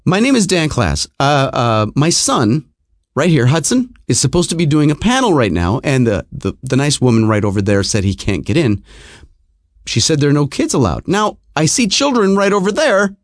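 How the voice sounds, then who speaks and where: A middle-aged man tells a comic story with mounting exasperation, mocking himself as he goes. His pitch sits slightly high and swings widely. The recording is dry, with no room echo. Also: normal speed. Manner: exasperated, animated, self-mocking. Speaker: podcast host telling a story.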